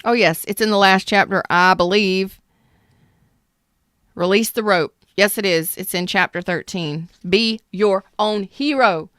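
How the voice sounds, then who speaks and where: A woman talks through a tarot reading to her chat in a blunt, animated way, dropping curses and slang. Her voice is smooth and clear, recorded dry and close with no room sound. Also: mid-range voice, unhurried, no room sound. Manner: blunt, swearing, animated Southern-style slang. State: clearing throat after a cough. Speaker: tarot reader. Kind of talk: casual livestream tarot reading.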